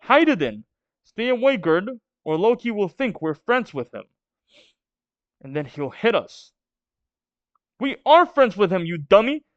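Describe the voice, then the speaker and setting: A man's voice: sits high, very animated, unhurried, pauses often, no echo, dull audio, pitched above the performer's own voice. A man voicing a frightened young giant boy who calls out urgently to his friends, reading a manga aloud. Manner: urgent, pleading.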